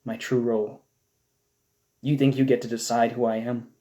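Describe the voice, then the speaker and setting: Desperate imprisoned android man read by a man, pleading and bitter, mellow voice, live audiobook reading. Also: medium pitch, little pitch movement, moderate pace, lightly acted. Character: tortured male android prisoner, desperate.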